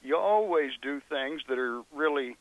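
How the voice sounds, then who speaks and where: A man from Oklahoma calling in to a radio show, plainspoken and steady. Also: fairly high pitch, moderate pace, no echo. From Oklahoma, USA. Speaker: caller. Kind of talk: phone-in radio call. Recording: dull lo-fi phone line, dry.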